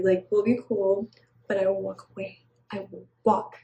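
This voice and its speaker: A woman's voice: mid-range voice, little pitch movement, normal speed, mellow, muffled recording. A woman giving casual advice straight to camera, chatty and slangy, often laughing, on a poor-quality recording. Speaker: vlogger.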